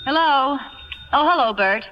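A brisk, sensible young secretary speaks in a dry, no-nonsense way. Her pitch moves a lot. It comes through a muffled vintage radio broadcast with a long echo. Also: lively intonation. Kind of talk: 1940s radio acting.

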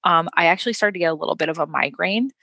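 A woman co-hosting a casual movie recap, telling the plot in an animated way and putting on mocking voices for the characters. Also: lowish voice, very fast, gravelly, dry recording. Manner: animated storyteller, acts out lines in mocking voices. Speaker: podcast co-host.

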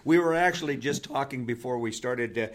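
Man, Canadian accent, chatty upbeat podcast host, average pitch. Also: fairly quick. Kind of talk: casual podcast hosting.

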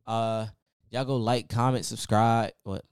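A man with a lowish voice delivers a loose, preachy motivational rant on his solo podcast, leaning on "man" and "y'all." The sound is close and dry, with no room echo. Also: fairly even intonation, unhurried, clean tone. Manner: casual, preachy, repeats "man" often. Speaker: podcast host.

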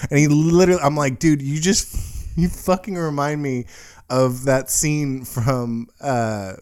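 A man's voice: a little high, measured pace, smooth. A young man co-hosting a podcast, talking casually with lots of swearing and acted-out quotes. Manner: animated, swears a lot, acts out quotes. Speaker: podcast co-host. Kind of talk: casual chat.

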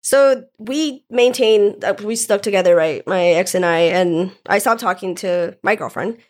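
A woman's voice: mid-range voice, unhurried. A young woman casually telling a long personal story on a podcast, rambling with lots of "like" and swearing. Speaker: guest telling her story.

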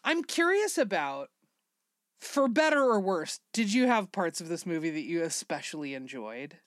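A woman's voice: on the low side, big pitch swings, normal speed, no room sound. Woman, wry humor, casual film chat, dry sound. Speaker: podcast co-host.

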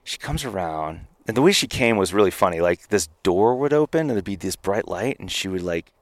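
Low-voiced man telling a story, stammering. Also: fairly quick, no room sound. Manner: animated, stammering restarts. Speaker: podcast guest. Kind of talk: casual storytelling.

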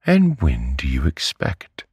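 A man putting on a domineering old aunt from a storybook, curt and commanding, raised higher than his deep voice, a gravelly, husky edge, dry close sound. She barks orders and brooks no contradiction. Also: wildly swooping pitch, slow pace, a little mellow, no room sound, heavily acted. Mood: stern. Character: stern, brisk elderly aunt, domineering and abrupt.

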